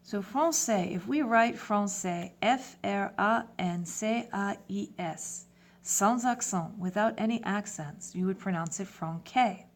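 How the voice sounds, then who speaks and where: A woman teaching a French lesson in English, giving clear step-by-step instructions. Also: mid-range voice, a little slow. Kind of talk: classroom lesson.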